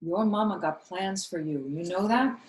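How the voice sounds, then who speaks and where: A woman reading aloud, voicing a fretful grown woman who works as a family cook, scolding loudly. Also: lowish voice, moderate pace, a little hiss or hum, lightly acted. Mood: lecturing. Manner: scolding, exasperated, loud. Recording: roomy echo.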